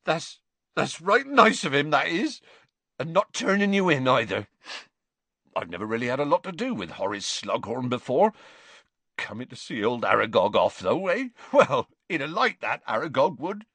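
A man voicing a huge, soft-hearted gamekeeper who speaks in rough rustic dialect, choked with grief and tears. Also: on the high side, very animated, moderate pace, dry recording, voice pushed up, heavily acted. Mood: emotional.

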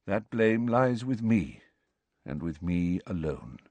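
A man voicing a calm, serene old wizard headmaster, speaking slowly, softly and steadily. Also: sits low, dry recording, full character voice. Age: older. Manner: slow, soft, measured and steady.

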